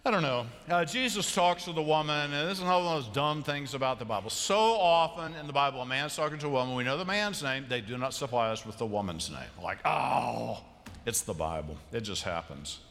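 A male pastor giving a conversational sermon, swinging from animated asides to hushed, tender passages. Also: a little high, fast talker, hardly any pauses. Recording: long reverb of a large hall.

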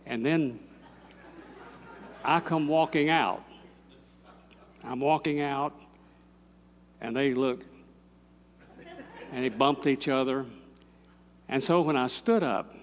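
An older man, a pastor telling a story in a sermon, moving from lively telling to hushed, intimate speech. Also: mid-range voice, slow, pauses often, lo-fi sound, a little hiss or hum.

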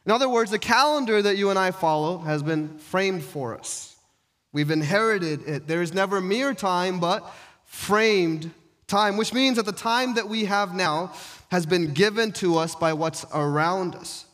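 A man's voice: sits high, moderate pace, fairly bright tone. A pastor delivering a conversational sermon to his church, posing rhetorical questions as he teaches.

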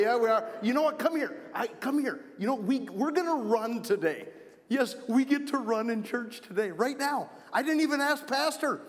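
A man from Wisconsin giving an energetic children's message in church, playful and repeating himself to keep the kids with him. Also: extremely high pitch. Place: church sanctuary. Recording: long church reverb.

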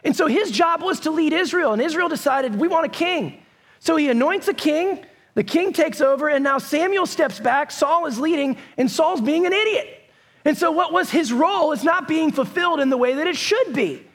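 A man preaching a sermon, telling the story in a lively, conversational way with bursts of raised voice. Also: extremely high pitch, moderate pace. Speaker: pastor.

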